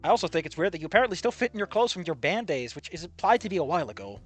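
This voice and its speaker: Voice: medium pitch, expressive, racing, husky, soft background music. A streamer giving sarcastic, incredulous commentary on a visual novel and swearing freely. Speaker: let's play streamer.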